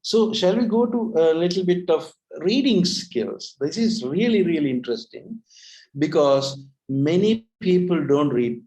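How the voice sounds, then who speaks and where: Man, fairly high voice, relaxed explainer on language learning, chatty with many restarts. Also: a little slow, rough recording. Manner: chatty, restarts often, rhetorical tag questions. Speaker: webinar co-host, English trainer. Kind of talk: casual educational talk.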